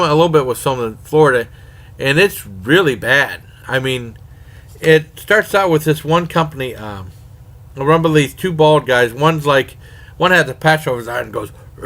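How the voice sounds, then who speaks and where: A man's voice: mid-range voice, pushed and bright. A man casually reviewing horror movies, rambling along with many fillers and self-corrections.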